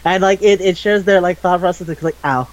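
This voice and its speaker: A man's voice: high voice, brisk, muffled recording. A young man casually recapping an anime episode, swearing often and acting out the characters' lines. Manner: animated, swears a lot, acts out characters' lines. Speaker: podcast co-host.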